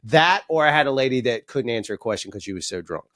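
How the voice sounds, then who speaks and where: Man podcast host, halting restarts, mid-pitched, dry close mic. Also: expressive, fairly bright tone, no room sound. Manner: explains in broken restarts, laughs at own jokes. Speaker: podcast host and documentary interviewer. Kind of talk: casual conversation.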